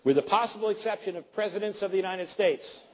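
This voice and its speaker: A middle-aged man runs a live seminar on presentation skills, playfully acting out examples for his audience. His voice is high and fast and full of animation. There's slight background noise.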